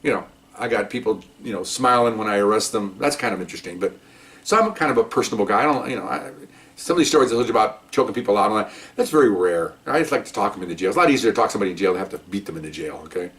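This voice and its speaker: A man's voice: fairly low pitch, expressive, very fast, a bit bright, distant mic. An older man, a retired police officer, telling stories casually, chatty and joking, with frequent "okay?" asides. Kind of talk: casual first-person storytelling.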